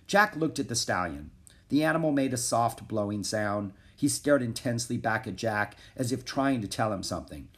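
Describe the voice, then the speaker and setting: Brief: male storybook reader, even and measured narration. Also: mid-range voice. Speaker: audiobook reader.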